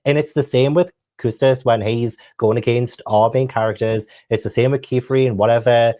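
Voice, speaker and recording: A man hosts a relaxed conversation in an ordinary mid-range voice. He thinks out loud, wandering through his points with plenty of fillers. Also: medium pitch, moderate pace. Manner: thoughtful, rambling with many fillers. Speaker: host. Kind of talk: casual chat.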